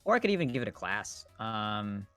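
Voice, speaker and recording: A man coding on a livestream, chatting casually and thinking aloud, quick to laugh. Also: fairly low pitch, sing-song, fairly bright tone, soft background music. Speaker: co-host writing the code on a livestream. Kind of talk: casual chat while coding.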